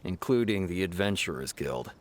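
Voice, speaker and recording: A man's voice: sits low, lively intonation, moderate pace, heavy background noise. A man voicing a stern male city official in a video game, speaking in a firm, matter-of-fact way. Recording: game dialogue over music.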